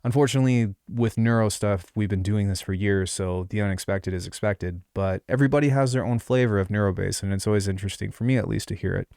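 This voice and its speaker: A gravelly, slightly mellow lowish male voice, quick and with hardly any pauses, recorded on a close desk mic without echo. He delivers a casual screen-recorded music production tutorial, offhand and rambling, with frequent fillers and asides.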